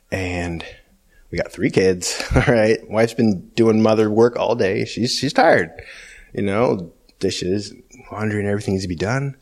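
Man, testimony speaker; very lively pitch, conversational, slips into voices for the people in his story. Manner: conversational, acts out dialogue in shifting voices; frequent asides like "okay?" and "you know". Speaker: speaker giving a personal testimony.

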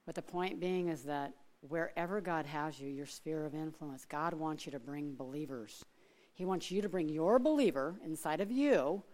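A middle-aged woman from Alaska giving a chatty sermon full of personal stories, laughing often and acting out other people's voices. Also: on the low side. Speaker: church speaker.

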